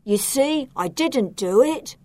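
Woman playing a grumbling muddy pig, high lively voice, slow storybook delivery, dry. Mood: vindicated. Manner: grumbling and protesting. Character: muddy grumbling male pig, hard done by. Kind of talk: storybook character voice.

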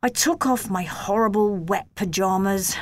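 A woman reading a children's novel aloud in a gentle, measured first-person storytelling voice. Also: medium pitch. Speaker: audiobook narrator.

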